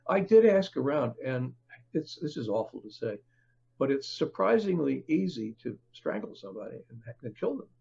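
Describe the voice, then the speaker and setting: Older man, gravelly and husky. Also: medium pitch, big pitch swings, darkish tone, lo-fi sound. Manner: halting, many fillers and restarts. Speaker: author and guest. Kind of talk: conversational interview.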